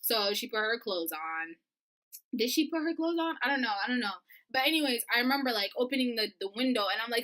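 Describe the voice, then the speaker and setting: A young woman telling a storytime vlog, animated and profane, acting out the dialogue. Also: on the high side, fairly quick, poor audio. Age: young adult. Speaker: vlogger.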